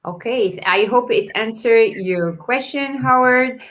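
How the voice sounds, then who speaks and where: A woman's voice: on the high side, takes it slowly. A woman with a non-native English accent, hosting a live online event and reading out viewer comments with many fillers. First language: not English. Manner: warm encouraging, reads viewer comments aloud with fillers. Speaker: host. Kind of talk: live-streamed event chat.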